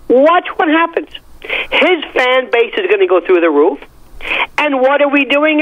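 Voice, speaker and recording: Theatrical male pundit, animated delivery, lo-fi dry line. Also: very high-pitched, unhurried, no room sound. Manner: wry, emphatic, theatrical. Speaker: legal and media analyst. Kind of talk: opinionated commentary, animated storytelling.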